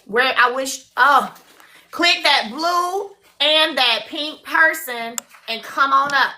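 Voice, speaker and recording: Bright-voiced woman hosting a livestream. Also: high-pitched. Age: 30s. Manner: blunt, drawn-out hums. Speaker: livestream host. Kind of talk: casual livestream talk.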